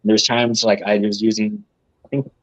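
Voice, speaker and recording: A man's voice: fairly low pitch, little pitch movement, fairly quick, a bit bright, rough recording. A man, a guest on a live podcast, telling rambling, profane stories and laughing at them. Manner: rambling, swears freely, laughs at his own stories. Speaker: guest, reptile breeder. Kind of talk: casual storytelling on a live podcast.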